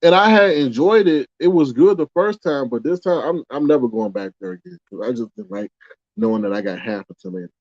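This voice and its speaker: A man chatting casually on a livestream in a dark, mellow voice, rambling and exclaiming with indignant rhetorical questions. The room sounds dry and close, and the recording comes through dull and muffled. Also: a little high, very animated, a little fast, vocal fry, no echo. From United States. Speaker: livestream host reading chat.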